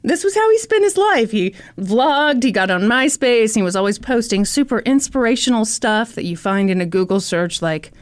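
A woman's voice: on the high side, very animated, moderate pace, hardly any pauses. A woman hosting a podcast, telling a story with wry, sarcastic comedy. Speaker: podcast host.

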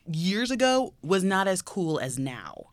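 A woman guesting on a podcast in a studio, chatting in a self-deprecating, animated way. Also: lowish voice, unhurried. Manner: self-deprecating, animated, gasps in mock outrage. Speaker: guest actress. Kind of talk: casual interview chat. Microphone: studio microphone.

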